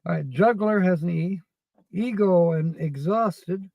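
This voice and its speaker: A man hosting a livestream, chatting casually with viewers as he scratches tickets and reads out letters at a slow, rambling pace. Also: high voice, gravelly, dry recording, lo-fi sound. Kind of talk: casual live-stream chat.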